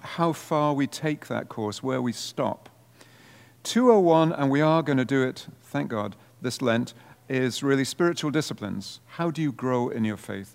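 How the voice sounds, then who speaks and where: A man, a parish priest, giving an informal workshop presentation in a conversational way, with relaxed asides. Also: medium pitch, gravelly, big-room sound.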